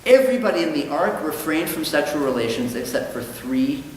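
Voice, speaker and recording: This rabbi's voice sits a little high and is expressive, moving a bit fast as he teaches Talmud conversationally. He brings the quoted dialogue in his stories to life with extra energy while staying thoughtful overall. He's recorded from a distance in a synagogue study hall that echoes heavily, with faint noise.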